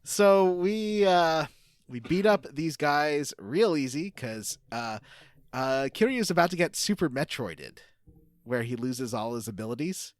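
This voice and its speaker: A man's voice: a little high, animated, a little slow, no room sound, clean studio sound. A man co-hosting a casual gaming podcast, laughing often and walking through the game's story with plenty of fillers. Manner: laughs often, explains the game plot with many fillers. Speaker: podcast co-host.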